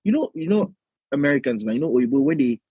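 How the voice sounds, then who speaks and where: A young man with a Nigerian accent, co-hosting a podcast in casual chat, animated and often acting out other voices with laughter. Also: medium pitch, fast, slightly rough, dry recording, narrow, tinny audio. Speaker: podcast co-host.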